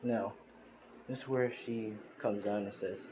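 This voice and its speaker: A man with a low voice talks his way through a fan story, rambling and leaning on fillers. The home screen recording carries a clear hiss. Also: steady tone, unhurried. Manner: rambling, full of fillers like "you know" and "pretty much". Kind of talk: casual spoken fan story.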